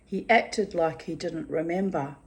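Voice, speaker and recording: A mature woman reads from her personal diary in a slow, unhurried way. Her voice sits a little low, and she speaks bluntly, with frank swearing and exasperated asides. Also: creaky, darkish tone. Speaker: diarist reading her journal. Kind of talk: diary-style personal reading.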